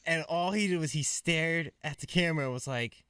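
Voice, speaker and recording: A man's voice: fairly high pitch, fairly quick, sharp tone, clean tone, dry recording. Laid-back man host on a dry mic. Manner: laid-back, laughs easily. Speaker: podcast host and streamer. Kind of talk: casual chat.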